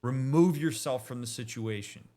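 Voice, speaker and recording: A man who works as a therapist speaks in a mid-range, dark-toned voice while commenting over a game. He explains things casually yet directly and emphatically, with quick asides and frequent restarts.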